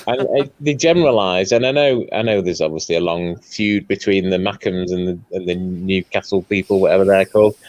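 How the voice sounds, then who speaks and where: A man's voice: low voice, fairly quick, few pauses, a little mellow, no room sound, low-quality recording. A man rambling and teasing friends in a casual group chat. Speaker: chat participant.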